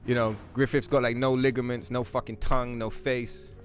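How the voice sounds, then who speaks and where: A man's voice: medium pitch, little pitch movement, normal speed. A young man streaming a game, telling a long rambling story in casual chat with heavy swearing and many fillers. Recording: faint music behind the voice.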